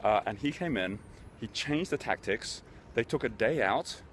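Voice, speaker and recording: A man's voice: medium pitch, expressive, moderate pace, slight background noise. A middle-aged man hosting a motivational business talk, telling stories in an earnest, conversational way. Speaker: host, business speaker.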